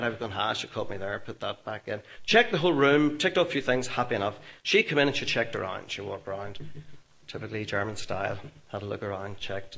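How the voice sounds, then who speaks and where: A man's voice: mid-range voice, fairly bright tone. Man, 40s, conference speaker, anecdotal and self-mocking. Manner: storytelling, self-deprecating humour. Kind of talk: anecdotal business talk to an audience. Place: hotel function room.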